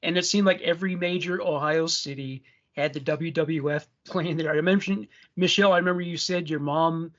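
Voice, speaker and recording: A man's voice: on the high side, fairly even intonation, moderate pace, hardly any pauses, a bit bright. A man co-hosting a true crime podcast, chatting loosely with many restarts. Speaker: podcast co-host. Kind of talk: casual true crime chat. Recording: dull lo-fi sound.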